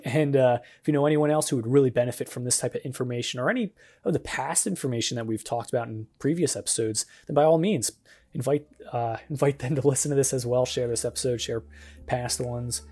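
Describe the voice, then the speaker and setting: A man's voice: medium pitch, mellow. A young man hosting a devotional podcast, talking in an earnest, encouraging, conversational way. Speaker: podcast host. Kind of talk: casual devotional podcast monologue.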